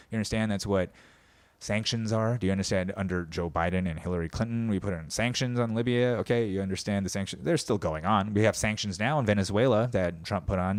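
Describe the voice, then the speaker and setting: A man's voice: fairly low pitch, fast talker, no room sound. A man hosting a podcast, delivering a sarcastic, profane comedic rant about politics and mocking people as he goes. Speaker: podcast host.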